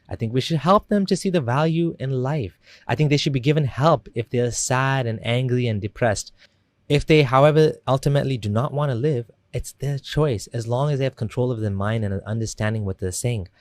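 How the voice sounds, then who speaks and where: A man delivering scripted critical commentary in a measured, pointed way. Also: medium pitch, no room sound, clean studio sound. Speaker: commentary channel host.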